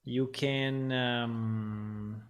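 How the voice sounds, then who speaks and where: Slow-talking man thinking aloud. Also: medium pitch, fairly even intonation, slight background noise. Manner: rambling and thinking aloud, many ums and restarts. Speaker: game developer streaming his work. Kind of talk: casual livestream talk while working.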